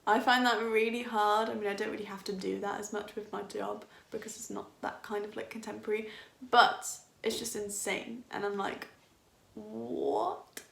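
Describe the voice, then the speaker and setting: A woman's voice: mid-range voice, little pitch movement, brisk, vocal fry, a bit bright, roomy sound. A young woman in her twenties talking casually as a dance reaction vlogger, enthusiastic and rambling, laughing often.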